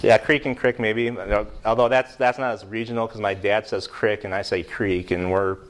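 An American man teaching a Bible class in a room with a board, lively, putting questions to the class and often restarting his sentences. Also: fairly low pitch, fairly quick. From United States.

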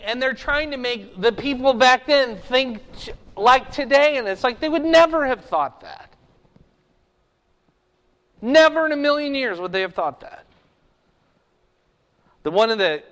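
Guy with a high voice teaching bible class, keeps asking okay?, echoey big hall. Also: fairly bright tone. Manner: often checks in with a questioning "okay?". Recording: long reverb of a hall.

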